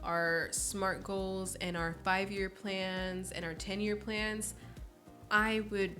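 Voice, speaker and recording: A woman's voice: mid-range voice, flat delivery, takes it slowly, fairly bright tone, faint music behind. A woman in her early twenties, a podcast guest chatting casually and telling stories expressively, acting out quoted voices. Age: early 20s. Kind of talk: casual interview chat.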